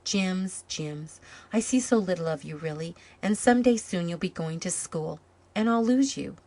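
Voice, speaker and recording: A tender, motherly storybook lady with a soft, wistful way of speaking, as a woman reader gives her voice. The voice sits a little low and gentle. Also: a little slow.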